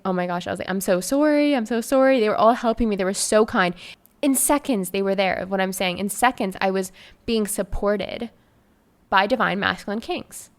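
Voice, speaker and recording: A woman's voice: medium pitch, a bit bright, clean tone. A young woman from Canada hosting her own podcast, telling a story in a chatty, effusive way with many fillers. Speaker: podcast host and life coach. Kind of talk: casual solo podcast storytelling.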